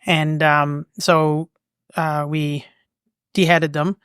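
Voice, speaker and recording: Smooth-voiced Canadian woman rambling through a farm story. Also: low voice, level tone, extremely slow, no echo, studio quality. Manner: rambling, lots of fillers and restarts. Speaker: podcast co-host. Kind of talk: casual storytelling chat. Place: local museum.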